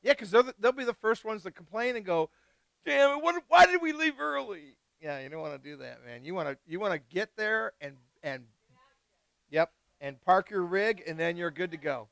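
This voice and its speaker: A man hosting a live wine tasting, chatting casually and excitedly with guests and swearing freely. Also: high voice, moderate pace, gravelly, no echo. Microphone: live stream mic.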